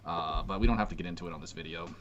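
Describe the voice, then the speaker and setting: A very deep-voiced man rants fast and brashly, full of slang and "bro". His voice comes through a dull lo-fi clip with faint noise behind it. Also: a bit bright. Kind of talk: casual rant.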